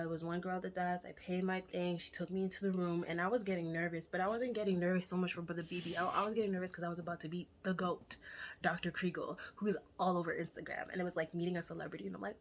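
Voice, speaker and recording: A young woman telling a candid personal story to camera in a chatty, animated way, sometimes dropping to a whisper for asides. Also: lowish voice, slight background noise. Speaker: vlogger.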